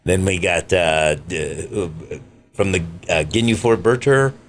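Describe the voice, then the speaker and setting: Animated male voice actor guest, lively voice. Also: low-pitched, a little slow. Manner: animated storyteller who acts out voices. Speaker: guest, voice actor and stand-up comic. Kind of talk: casual interview chat.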